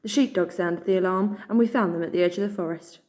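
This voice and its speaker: A plain-spoken male rabbit guard reporting his captives matter-of-factly, as a woman reads him. His voice stays low and mellow, much like hers. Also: fast talker, close to an everyday voice. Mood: blunt.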